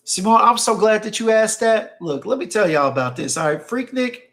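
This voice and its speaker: A high-pitched man with lively intonation and a slightly bright tone hosts a stream at normal speed. He reads chat and tells casual stories with emphasis, repeating phrases often for effect.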